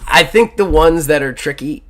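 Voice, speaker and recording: A man hosting a casual tabletop game and chatting lively with his fellow player, often laughing. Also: a little high, moderate pace. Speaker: host and player.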